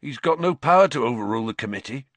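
A man voicing a huge, gentle groundskeeper who is grieving and shaken, halting and subdued. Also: medium pitch, animated, no echo, pitched above the performer's own voice. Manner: halting and subdued, stumbling over words.

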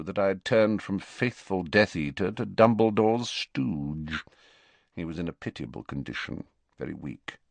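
Reader as a cold, unhurried wizard, low-voiced, dry delivery, bored calm. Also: male voice, creaky, dry recording. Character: cold, composed male wizard spy.

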